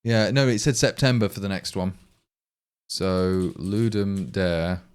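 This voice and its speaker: A man's voice: low-pitched, unhurried, smooth. A man with an East Midlands English accent, from Leicestershire, chatting casually on a live coding stream, thinking aloud and answering viewers. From England, Leicestershire. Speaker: programmer livestreaming his coding.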